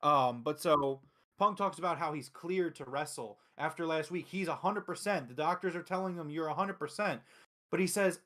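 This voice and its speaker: A man hosts a casual review show, talking with excitable energy and frequent swearing. His voice sits a little high, and he keeps slipping into quick quoted lines as he retells what happened. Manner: excitable, profane, recaps with acted quotes. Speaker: wrestling show host.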